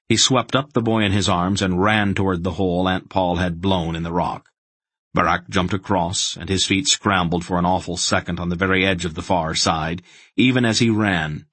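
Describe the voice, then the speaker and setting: A man narrating a fantasy audiobook in a dramatic, measured storytelling manner. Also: deep voice, fairly bright tone, husky, no echo.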